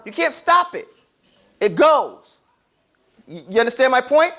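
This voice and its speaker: A man's voice: extremely high pitch, very animated, unhurried, vocal fry. A man teaching Arabic letter pronunciation, asking the class to repeat sounds after him and acting out each sound. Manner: demonstrates sounds, sometimes loudly.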